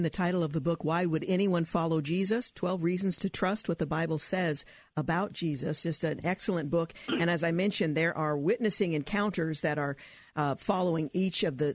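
A woman's voice: fairly low pitch, no echo. Woman hosting a radio interview. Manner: measured, slightly halting questions. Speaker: radio host.

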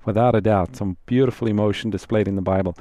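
A man co-hosting a call-in radio Bible program, reflecting on scripture in a warm-hearted way. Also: on the low side, fairly even intonation, fast, no room sound, studio quality.

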